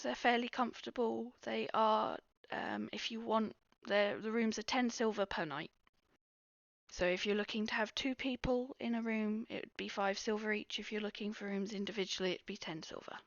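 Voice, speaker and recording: A woman's voice: on the high side, fairly even intonation, normal speed, no echo, pitched above the performer's own voice, natural voice. A woman voicing a cheerful young female halfling innkeeper who is welcoming, chatty and a little rambling, in a tabletop game. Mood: helpful. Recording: muffled dry recording.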